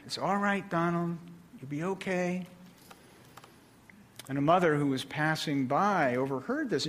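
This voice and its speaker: A man preaching a sermon, with a slow, deliberate delivery and measured pauses. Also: fairly high pitch, fairly bright tone.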